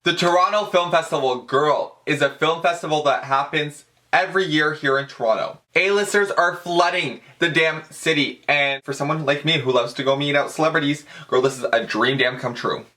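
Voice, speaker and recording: A man's voice: on the high side, normal speed. A young man telling a story in a casual vlog, gushing and chatty, calling his viewers "girl" and dropping "like" into every line. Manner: dramatic, excitable fan. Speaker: vlogger.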